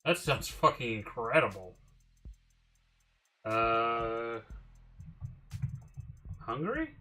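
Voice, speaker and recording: A streamer talks through his choices out loud, casual and now and then profane. His tone is bright and crisp, at a middling pitch. Soft music plays faintly behind him. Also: animated, measured pace, pauses often. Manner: musing aloud, mildly profane. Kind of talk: casual livestream commentary.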